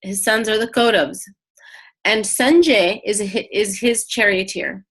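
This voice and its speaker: A woman's voice: mid-range voice, measured pace, husky. Chatty woman teaching a scripture lesson. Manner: conversational, many fillers and restarts, animated retelling. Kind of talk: casual spiritual lesson.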